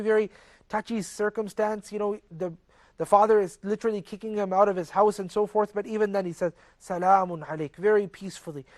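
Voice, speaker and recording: A man's voice: high-pitched, a little mellow, no echo. Guy teaching quran commentary, earnest and emphatic, dry close sound. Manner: earnest, emphatic, recites verses then explains. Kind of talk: religious lecture.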